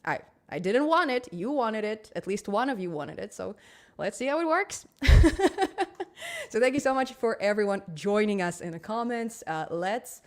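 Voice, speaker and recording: A woman hosting a programming live stream, chatting casually with viewers, upbeat and quick to laugh, with a lot of ums. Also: mid-range voice, animated. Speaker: livestream host of a programming channel.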